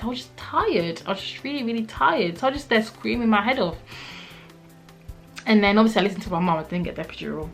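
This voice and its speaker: A young woman vlogger telling a personal story in a casual, animated way, acting out what people said. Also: mid-range voice, quick pace, faint music behind. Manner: animated, acts out quotes, frequent "like".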